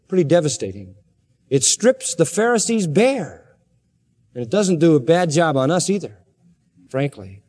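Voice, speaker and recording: High-voiced preacher in a reverberant hall. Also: male voice, darkish tone. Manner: emphatic preaching with slow, dramatic stresses. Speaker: pastor. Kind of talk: sermon.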